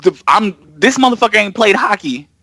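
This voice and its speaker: A man talks in a casual podcast chat, swearing freely and acting out bits of a story. His voice sits a little high and jumps around a lot in pitch. The sound is dry and close. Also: brisk, vocal fry, no room sound. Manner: animated, profane storytelling with impressions. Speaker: podcast guest.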